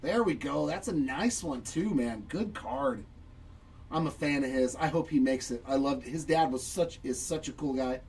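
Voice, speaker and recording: A man's voice: medium pitch, moderate pace, a little mellow, distant mic, slight background noise, rough recording. A man hosting a live trading card break, chatting upbeat and reacting to each pull while answering viewers.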